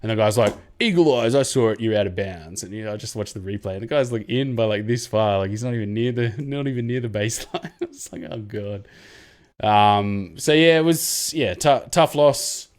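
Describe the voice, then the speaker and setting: A man's voice: a little fast, few pauses, smooth. A man co-hosting a casual sports podcast, chatting loosely and acting out referees in mocking voices. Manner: animated, mimics referees with jumps in pitch. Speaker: podcast co-host.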